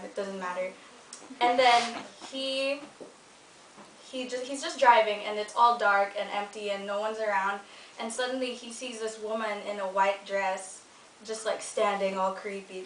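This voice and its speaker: A woman's voice: medium pitch, fairly bright tone. A young woman from the Philippines telling a ghost story casually, chatty and giggly, with many "like"s and restarts. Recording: echoey room, mic at a distance, faint noise.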